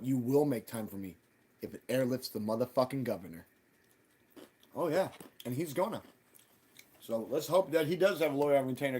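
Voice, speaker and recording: A man hosting a live stream, ranting in casual, profane talk and jumping loud and high when he quotes people. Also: slightly rough. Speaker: livestream host.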